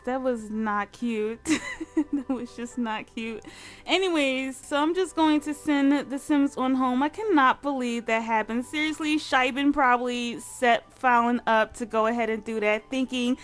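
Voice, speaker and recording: A woman hosting a let's play, talking excitably through her game with lots of exclamations and a constant "like". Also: sits high, a little slow. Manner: excitable, exclaiming, heavy use of "like". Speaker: gaming channel host.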